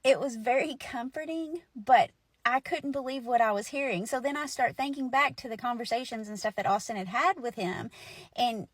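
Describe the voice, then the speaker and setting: A woman's voice: fairly high pitch, normal speed, dry recording. A woman in her forties telling a personal story in a chatty, emotional way, with lots of fillers. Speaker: storyteller host.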